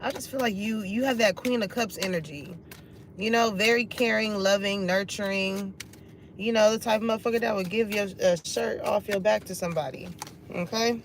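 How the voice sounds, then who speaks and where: A woman's voice: medium pitch, moderate pace, slight background noise. Laughing casual woman reading tarot. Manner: laughs often, sings song snippets, swears casually. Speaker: tarot reader.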